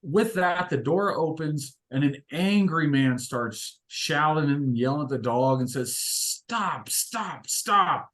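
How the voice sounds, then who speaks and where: A man with a fairly high pitch speaks a little slowly, with few pauses. As the leader of an inspirational discussion, he narrates stories reflectively, hesitating and using many fillers.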